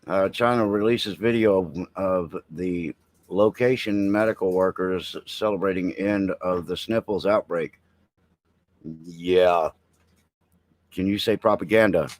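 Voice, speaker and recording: A man's voice: sits low, measured pace, no echo, rough recording. A middle-aged man hosting a veteran's live stream, reading headlines and riffing bluntly with chat. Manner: blunt, joking, reads headlines then riffs, talks to chat. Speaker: veteran podcast host. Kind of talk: casual live-stream commentary.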